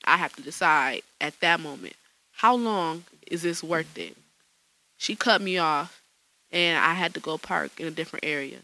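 A woman's voice: sits low, moderate pace, pushed and bright, low-quality recording. A woman hosting her own podcast alone in a small studio, chatting casually in slang and laughing often. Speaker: podcast host. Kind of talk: solo podcast chat.

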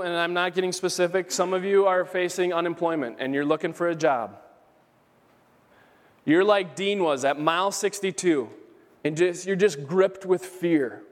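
Guy pastor preaching a sermon, kinda high voice, says things twice for emphasis, long church echo. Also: moderate pace. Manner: preaches with emphatic repetition, quotes scripture aloud. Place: church sanctuary.

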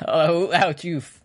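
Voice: medium pitch, no echo. A podcast co-host in a casual outro, joking and laughing often while rattling off long lists of names.

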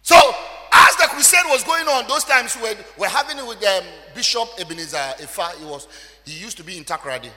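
A male pastor preaching a sermon, swinging between loud shouted emphasis and quiet low asides. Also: animated, brisk, in a large hall.

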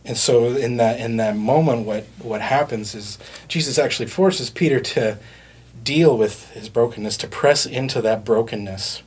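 A man's voice: mid-range voice, normal speed, darkish tone, husky. A man preaching a sermon in a conversational way, with frequent fillers and restarts. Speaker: pastor.

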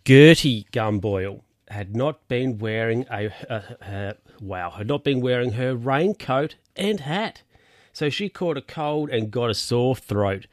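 Man, reading a picture book aloud, amused asides, slow, dry close sound. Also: medium pitch, lively intonation, no echo. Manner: amused, ad-libbing wry comments. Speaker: reader.

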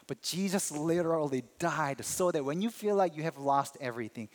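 A man preaching a sermon as a pastor, telling a personal story in an animated, emphatic way. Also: mid-range voice, normal speed, few pauses, a little hiss or hum.

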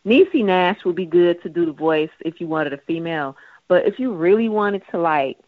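A woman's voice: on the low side, normal speed, no echo. A woman chatting casually and laughing, often acting out little voices as she talks. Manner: animated, laughing, acts out voices. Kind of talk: casual chat. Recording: dry tinny phone-like line.

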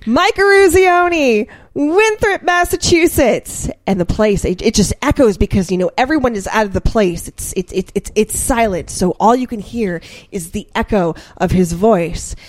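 Animated woman telling a story. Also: medium pitch, normal speed, hardly any pauses, no room sound. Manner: animated storyteller, builds excitement. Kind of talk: casual chat.

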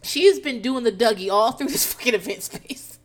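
A woman casually recapping a reality TV episode, animated and profane, laughing often as she talks. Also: fairly high pitch, brisk. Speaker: TV recap host.

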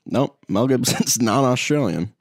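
A man's voice: medium pitch, animated, unhurried, no echo, studio quality. A young man in laid-back casual chat with a friend, using slang and laughing often.

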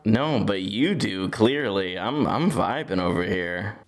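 A woman playing a tabletop role-playing game, teasing others with quick quips. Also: rumbling low, animated, faint music behind. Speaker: player. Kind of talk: tabletop role-play, casual chat.

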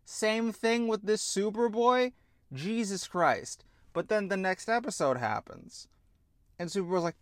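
A man delivers an exasperated, sarcastic rant packed with swearing. He talks slowly and leans on his words. The sound is close and dry, with no room echo. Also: fairly high pitch, expressive, pushed and bright. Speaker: show host. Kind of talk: ranting TV review.

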